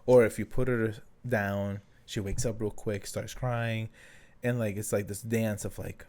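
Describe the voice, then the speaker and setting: A young man co-hosting a podcast in casual chat, telling stories and acting out quotes with sudden high jumps in his voice. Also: unhurried. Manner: animated storyteller, acts out quotes with big pitch jumps. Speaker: podcast co-host.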